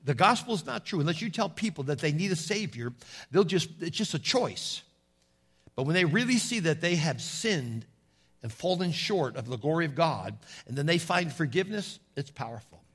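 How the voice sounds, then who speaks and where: Middle-aged male preacher, slightly higher pitch, husky tone, folksy sermon delivery. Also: very animated, moderate pace, a bit bright. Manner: folksy storytelling, calls out "Amen?" to the congregation.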